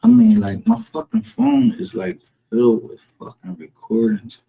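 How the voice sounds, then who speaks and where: Profane ranting man, husky voice. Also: sits high, huge pitch swings, normal speed, highs cut off. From northern United States. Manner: profane, heated, rambling and confrontational. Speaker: streamer. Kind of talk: casual ranting livestream commentary. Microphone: home streaming setup.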